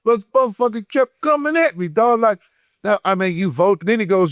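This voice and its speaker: A man's voice: a little fast, clean tone, dry recording, clean studio sound. Profane, heated Detroit man. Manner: profane, heated storytelling, swings between loud and low. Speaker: guest. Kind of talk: unfiltered casual interview. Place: podcast studio.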